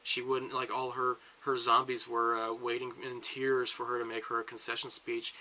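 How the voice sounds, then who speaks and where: A man giving a long political rant as a vlogger, talking in bursts with halting restarts. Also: medium pitch, flat delivery, pushed and bright, low-quality recording.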